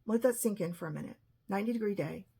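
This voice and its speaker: A woman with a husky voice telling an emotional personal story, often quoting what others said. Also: medium pitch, fast talker, mellow.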